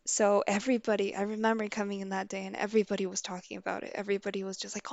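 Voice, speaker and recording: A young woman livestreamer telling a story from her school days in a casual, animated way, swearing freely and acting out what people said. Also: mid-range voice, quick pace, gravelly, dry recording.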